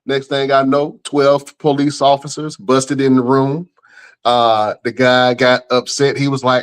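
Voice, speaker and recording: A middle-aged podcast host, telling a story in casual chat with slangy asides. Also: male voice, mid-range voice, little pitch movement, moderate pace.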